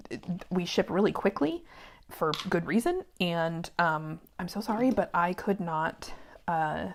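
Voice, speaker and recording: A woman's voice: lowish voice, lively intonation, slow pace, vocal fry, a little hiss or hum. A woman who runs a small business, chatting casually as she sews and venting about a rude customer. She rambles with many fillers and sometimes drops to a whisper while working. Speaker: small business owner and vlogger. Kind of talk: casual chat while sewing.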